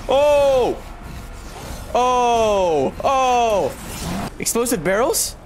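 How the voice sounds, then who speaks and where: A young man streaming a horror video game, reacting with excitable, profane trash-talk into a desk mic at home. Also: very high-pitched, drawn-out words, a little hiss or hum. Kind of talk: let's play commentary.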